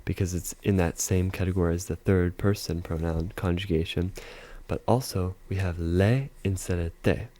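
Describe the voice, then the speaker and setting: A man with a deep voice teaches a casual video lesson. His tone is warm and relaxed, and he works through each point step by step. He pads his talk with easy fillers and says example phrases slowly. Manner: explains step by step, repeats phrases slowly, fillers like "you know". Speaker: language teacher.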